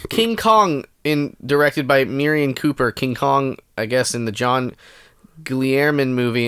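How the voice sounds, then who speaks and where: Male podcast co-host, animated storyteller, dry close sound. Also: mid-range voice, moderate pace, clean tone, dry recording. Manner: animated storyteller, laughs a lot. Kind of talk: casual chat.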